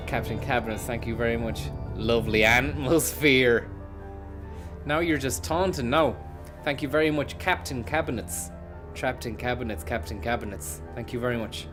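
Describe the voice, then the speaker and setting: A man's voice: medium pitch, brisk, over music. A young man, tired and yawning, commenting on a game as he plays and cursing freely while thanking viewers by name. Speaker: streamer. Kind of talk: live gameplay commentary.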